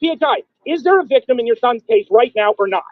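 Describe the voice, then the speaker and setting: A man hosting a call-in stream, grilling a caller with sarcastic, accusing rapid-fire questions. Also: very high voice, expressive, no room sound, narrow, tinny audio. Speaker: stream host. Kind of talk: heated confrontational call-in argument.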